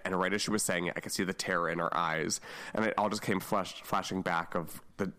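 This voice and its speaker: A man's voice: sits low, fairly bright tone. A young man co-hosting a podcast in casual chat, bawdy and playful, laughing often. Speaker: podcast co-host.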